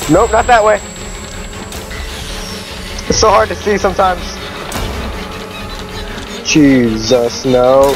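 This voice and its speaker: A man commentating a horror game, jumpy and swinging from muttering to panicked yelling, his voice cracking from screaming. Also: high-pitched, big pitch swings, slow, long pauses, music in the background, low-quality recording. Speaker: let's play gamer.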